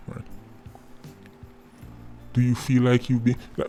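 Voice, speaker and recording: A man's voice: mid-range voice, monotone, slow pace, long pauses, warm tone, faint music behind. A man with a Jamaican accent giving casual, mocking commentary in patois, often tagging his lines with "right?". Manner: mocking, repeating tag words like "right?".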